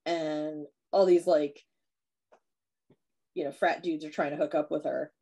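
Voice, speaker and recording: A chatty woman co-hosting a podcast, retelling a film scene by scene and slipping into the characters' lines. Her voice sits a little low and has a dark, mellow tone. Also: fairly even intonation, a little slow. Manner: chatty, acts out characters' lines with lots of fillers. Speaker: podcast co-host. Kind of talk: casual chat, retelling a horror film plot.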